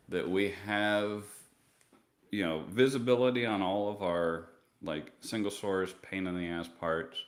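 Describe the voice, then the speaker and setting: A man hosting a casual livestream, talking in a rambling, joking way with quick asides. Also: low-pitched. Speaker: company co-founder hosting a livestream.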